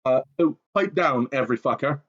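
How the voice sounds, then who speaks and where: A man's voice: medium pitch, lively intonation, a little fast, fairly bright tone, muffled recording, a little hiss or hum. A man from Bristol, a streamer, explaining things with hesitant fillers in casual banter. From Bristol, England.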